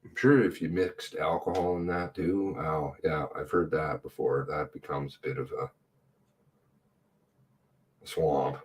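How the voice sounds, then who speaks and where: A middle-aged man giving casual, sarcastic running commentary on a livestream, blunt and quick to swear. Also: very deep voice, steady tone, a little hiss or hum.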